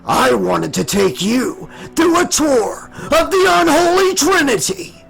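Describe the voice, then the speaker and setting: Sadistic burned dream killer, growling, mocking, high and shouty, faint music underneath. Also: male voice, sing-song, slow, gravelly, exaggerated voice. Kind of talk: audiobook narration.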